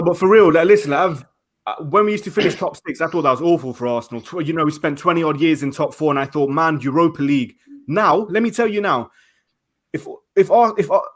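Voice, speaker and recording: A man debating football as a fan pundit, ranting heatedly and firing off rhetorical questions. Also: a little high. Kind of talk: passionate casual debate.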